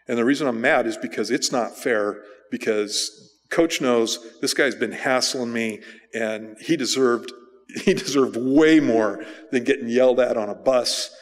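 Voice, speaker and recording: A male pastor preaching, telling a personal story in a relaxed, conversational way with fillers and restarts. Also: mid-range voice. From United States. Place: church sanctuary. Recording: church sanctuary reverb.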